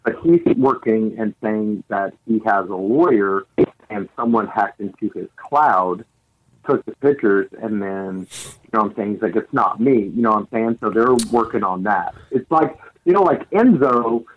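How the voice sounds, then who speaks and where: A man co-hosting a podcast in casual chat, retelling events in a lively play-by-play way. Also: lowish voice, normal speed, dry recording. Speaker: podcast co-host. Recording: slightly dull lo-fi sound.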